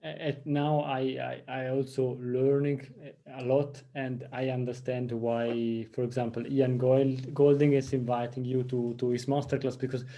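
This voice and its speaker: Mellow-voiced man hosting an interview. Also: medium pitch, little pitch movement. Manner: halting, searching for words. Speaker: interview host. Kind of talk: casual chat.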